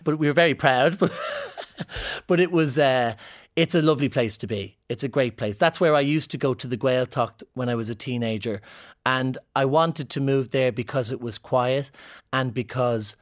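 At a moderate pace and medium pitch, an Irish man with an Irish accent chats in a casual interview, where he's a comedian guest spinning playful, joking anecdotes.

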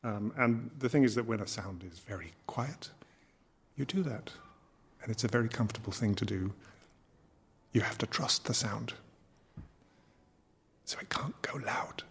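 Male panel guest, lowish voice, thoughtful and explanatory. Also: normal speed, pauses often, slightly rough. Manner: thoughtful, explanatory, with soft laughs. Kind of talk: reflective panel discussion.

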